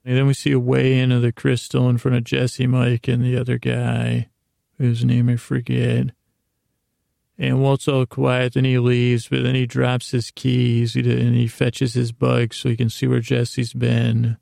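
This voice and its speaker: A man's voice: mid-range voice, monotone, measured pace, creaky, mellow, no room sound, clean studio sound. A man hosting a sleep podcast, rambling through a casual bedtime recap with meandering restarts.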